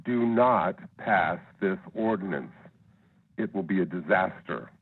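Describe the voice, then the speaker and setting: Firm male caller with a lowish, husky voice, reads his comment over a tinny phone line. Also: measured pace. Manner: firm and insistent. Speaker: caller giving public comment. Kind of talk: read prepared statement.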